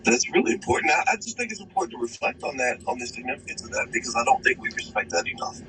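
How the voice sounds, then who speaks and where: A man's voice: mid-range voice, very animated, racing, bright, forceful tone, a little hiss or hum, low-quality recording. A man chatting casually, playful and laughing, then turning earnest. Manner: playful, laughing, swinging between earnest and silly. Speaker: guest speaking in a played clip. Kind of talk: casual conversation.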